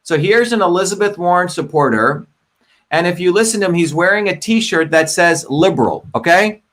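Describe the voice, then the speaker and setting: Middle-aged male streamer, slightly high pitch, loose talky commentary style. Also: animated, moderate pace, a bit bright. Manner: talkative, repeats "okay?" to the audience. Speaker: livestream host. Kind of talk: casual livestream commentary.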